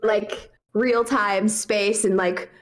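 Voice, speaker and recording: A woman's voice: medium pitch, steady tone, slow. A woman who plays in a tabletop game, chatting on a stream and filling her talk with "like". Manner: rambling, says "like" constantly. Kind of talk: casual chat on a live stream.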